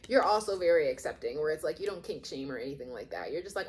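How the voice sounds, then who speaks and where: Chatty woman tarot reader, lowish voice, rambles, fills with "like", slips into acted quotes. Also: animated, fast, few pauses. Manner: chatty, rambling, lots of "like" fillers; acts out imagined quotes. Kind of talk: casual tarot reading.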